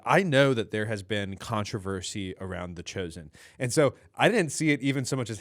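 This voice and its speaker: Low-voiced male podcast host, dry sound. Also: lively intonation, dry recording. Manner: conversational, quick reactions and follow-up questions. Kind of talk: casual interview chat.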